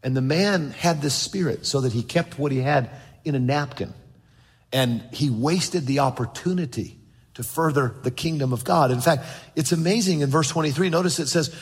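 A man's voice: a little high, normal speed, husky. A man preaching a sermon as pastor of a church, earnestly repeating words as he goes and acting out the voices in the stories he tells. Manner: acts out quoted voices in storytelling. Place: large church sanctuary. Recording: long reverb of a large hall.

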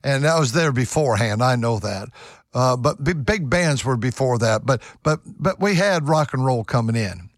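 A man's voice: medium pitch, expressive, normal speed, no echo, clean studio sound. An older man preaching a fervent sermon, now and then breaking into sung hymn lines. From United States.

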